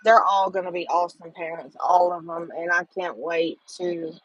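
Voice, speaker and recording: A woman's voice: lowish voice, steady tone, moderate pace, highs cut off. A middle-aged woman, chatting with viewers on a casual livestream and rambling with lots of fillers. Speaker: livestream host.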